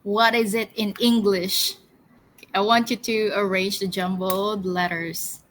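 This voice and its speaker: A woman teaching English to young children, speaking slowly and clearly, drilling words for them to repeat and praising them. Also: medium pitch, little pitch movement, a bit bright, a little hiss or hum, low-quality recording. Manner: slow, clear, encouraging, drills words for repetition. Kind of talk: classroom storytelling lesson for children.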